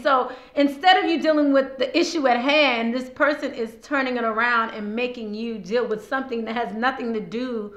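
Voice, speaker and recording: A woman's voice: on the high side, normal speed, hardly any pauses, a bit bright. A woman doing a casual tarot reading to camera with a sore throat, chatting straight to her viewers and laughing often. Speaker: tarot card reader. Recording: roomy echo, faint background noise.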